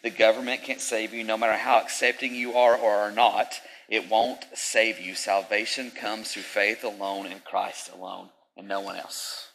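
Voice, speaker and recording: A male pastor preaches with a forceful, bright-edged voice that sits lower than most men's. He repeats key phrases in emphatic bursts and breaks into casual asides to the congregation. A faint noise sits under the voice. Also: poor audio. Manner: conversational asides. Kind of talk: sermon.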